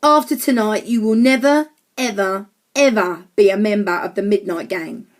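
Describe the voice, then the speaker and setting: A woman's voice: high voice, animated, normal speed, voice pushed up. A woman reading an audiobook, voicing a grumpy, bossy young boy who speaks curtly. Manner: curt and snappy.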